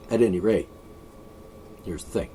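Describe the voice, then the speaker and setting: A man's voice: low-pitched, mellow, slight background noise. A man vlogging an opinionated, rambling monologue, sarcastic and sighing often. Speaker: video blogger.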